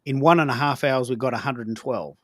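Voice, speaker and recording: A man with an Australian accent hosting a casual live-stream chat, telling stories in an animated, chatty way. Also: mid-range voice, a little fast, no echo. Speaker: host.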